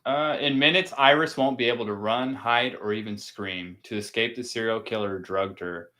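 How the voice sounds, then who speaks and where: A man's voice: mid-range voice, normal speed, sharp tone. A man in casual chat, hosting and retelling a movie in a rambling, profane way. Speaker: podcast host.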